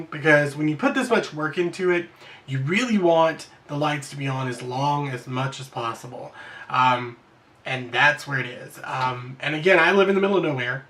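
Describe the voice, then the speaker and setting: A man's voice: on the high side, pushed and bright. A man, rambling casually in a daily vlog, self-deprecating and full of fillers. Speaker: vlogger. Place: at his workplace in the evening.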